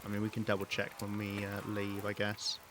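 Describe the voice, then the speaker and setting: A man giving live gameplay commentary, rambling and thinking aloud with hesitant pauses. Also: fairly low pitch, monotone, background noise. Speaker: game streamer.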